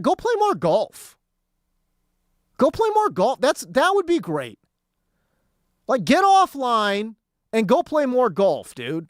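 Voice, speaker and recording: This is an American man in his thirties hosting a sports talk radio show. His delivery is casual and exasperated, full of slang like bro and dude. His pitch swings around a lot, and the studio sound is close and dry. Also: no room sound. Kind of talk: casual opinion rant.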